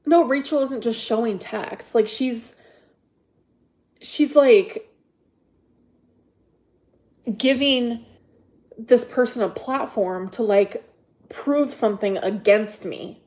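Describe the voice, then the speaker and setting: A woman's voice: a little high, slow, long pauses, a little mellow. A woman hosting a livestream, exasperated and defensive, swearing freely and hammering viewers with repeated rhetorical questions. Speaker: livestream host. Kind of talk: ranting livestream chat to viewers.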